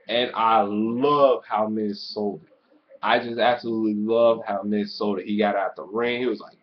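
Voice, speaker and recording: A man giving a casual, profanity-heavy wrestling show review, ranting excitably and swearing constantly. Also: mid-range voice, moderate pace, muffled recording.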